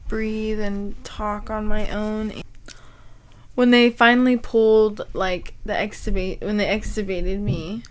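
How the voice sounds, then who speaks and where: A young woman hosting a podcast, telling a personal story in a halting way, full of "like" fillers and frequent throat clearing. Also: on the high side. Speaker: podcast host.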